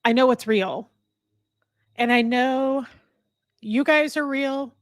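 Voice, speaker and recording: A woman hosting a livestream, talking candidly and earnestly to her viewers, halting and restarting her sentences. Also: high-pitched, no echo, studio quality. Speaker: livestream host. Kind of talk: candid emotional talk to viewers. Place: indoor room with a fire.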